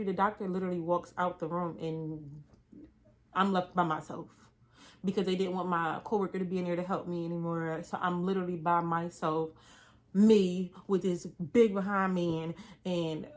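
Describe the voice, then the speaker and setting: A young adult woman telling a story from her job in a casual vlog, animated and slangy, with a lot of emphasis. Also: lowish voice.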